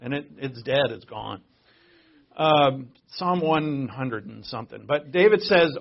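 A middle-aged man preaching a sermon as a pastor, conversational and joking, swinging between loud emphasis and quiet asides. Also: medium pitch, expressive, a little slow, gravelly, highs cut off.

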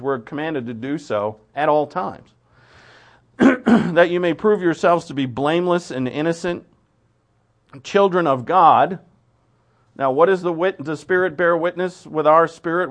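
A man preaching a sermon in an informal, conversational way, often clearing his throat and using fillers. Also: medium pitch. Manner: informal, with many fillers and restarts.

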